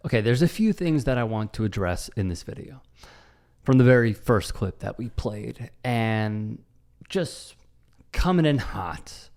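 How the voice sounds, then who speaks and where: A man hosting online news commentary, emphatic and sarcastic, with an indignant edge. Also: mid-range voice. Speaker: commentary host.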